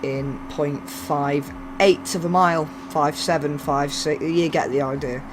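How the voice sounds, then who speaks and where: A man's voice: fairly high pitch, steady tone, unhurried, noisy background. A man giving casual, jokey, rambling commentary while playing a train simulator, with faint game sounds behind him. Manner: rambling, jokey, self-mocking. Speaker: gaming YouTuber.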